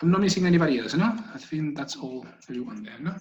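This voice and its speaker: Over a video call, a man leads an online meeting for guide dog volunteers, explaining things casually and tossing in "okay?" after nearly every point. His voice is a little high, animated, and quick, with the highs cut off by the call audio.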